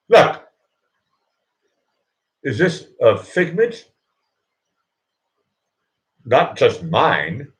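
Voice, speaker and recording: A man hosts his own live show in a meandering comic monologue, stumbling over restarts and coming back again and again to the same filler word. He talks at an unhurried, drawn-out pace, and his pitch swings up and down a lot. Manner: rambling, keeps repeating "look", stops and restarts.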